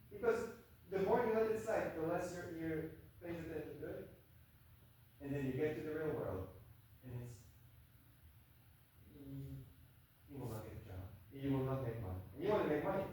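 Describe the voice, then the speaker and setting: A man's voice: a little high, slight background noise. Man teaching viola in a very echoey room. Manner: emphatic, keeps checking in with the student. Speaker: viola teacher leading a masterclass. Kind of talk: masterclass teaching. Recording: very echoey room, mic far off.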